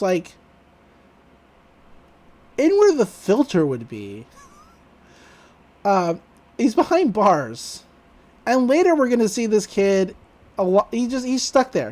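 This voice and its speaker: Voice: medium pitch, a little mellow. A podcast host recapping a cartoon episode in a casual, rambling, amused way.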